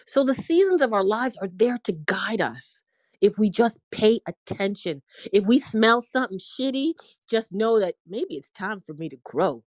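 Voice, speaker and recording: Her voice is medium-pitched and sing-song at a normal speed, recorded with no echo. She is an inspirational speaker in her forties giving an earnest, emotional, preachy faith testimony, occasionally acting out quoted people's voices.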